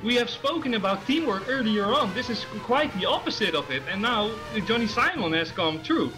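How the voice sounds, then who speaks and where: A man's voice: high-pitched, big pitch swings, brisk, over music, poor audio. A man co-commentating a live race, hesitant with lots of fillers and restarts, laughing easily. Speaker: sim racing co-commentator.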